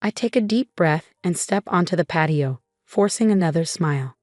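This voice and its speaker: Lowish woman narrating a story. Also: lively intonation, normal speed, darkish tone, no room sound, clean studio sound. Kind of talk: first-person story narration. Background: faint music.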